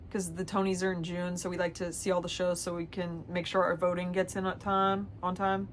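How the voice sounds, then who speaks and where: A woman's voice: medium pitch, a bit bright, a little hiss or hum. Chatty, self-mocking woman vlogger. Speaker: vlogger and theater producer. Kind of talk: casual storytelling vlog.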